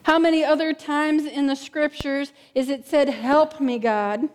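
High-voiced woman preaching a heartfelt sermon. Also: fairly even intonation. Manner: earnest, repeats key words, asks "right?"; drops soft and slow on emotional lines. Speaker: pastor.

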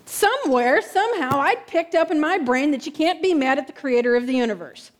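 A woman pastor preaching earnestly in a church, repeating key words and often asking "right?", sometimes dropping soft and slow. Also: sits high, lively intonation. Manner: drops soft and slow on emotional lines. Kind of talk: sermon.

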